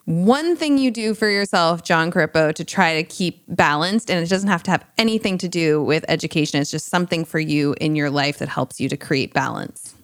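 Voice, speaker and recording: A middle-aged woman hosting a podcast interview, encouraging and quick to laugh. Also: low voice. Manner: warm, encouraging, laughs easily. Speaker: podcast host.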